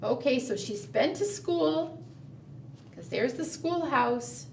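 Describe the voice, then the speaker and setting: A woman librarian reading a picture book aloud at a preschool storytime, gentle and sing-song, asking the children questions. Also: high-pitched, animated, slow, gravelly, roomy sound, recorded from a distance, a little hiss or hum.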